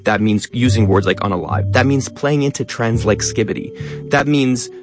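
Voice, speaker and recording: A man talking quickly as a guest in a radio interview, stressing many of his words. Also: medium pitch, soft background music. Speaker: guest, educational content creator.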